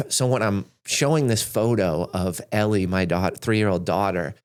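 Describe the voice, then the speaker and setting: A man's voice: on the low side, unhurried, smooth. A man in his thirties, a podcast guest and speaker with a Middle Tennessee accent, sharing a personal story in an earnest, heartfelt way. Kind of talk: candid conversational storytelling.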